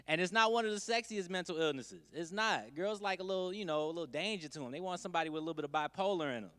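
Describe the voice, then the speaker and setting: A man's voice: sits high, lively intonation, fast talker, a bit bright, in a large hall. A man doing a stand-up comedy set, laid-back and conversational with wry asides.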